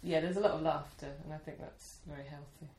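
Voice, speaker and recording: A British woman as a podcast guest, soft-spoken and thoughtful, pausing often as she weighs her words. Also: deep voice, fairly even intonation, roomy sound, slight background noise. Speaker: interview guest. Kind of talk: casual interview chat.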